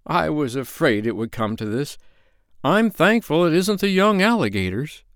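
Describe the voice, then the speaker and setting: A man voicing a gentle, anxious female dog in a storybook, speaking in a prim, fussy way. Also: fairly high pitch, big pitch swings, moderate pace, clean tone, dry recording, studio quality, pitched above the performer's own voice. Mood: dismayed. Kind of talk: storybook reading.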